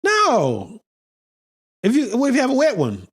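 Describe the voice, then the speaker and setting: Male podcast co-host, high voice, very animated swoops, teasing banter, quick laugh. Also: slightly rough. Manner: teasing, laughs easily, swings wide in pitch. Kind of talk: casual chat.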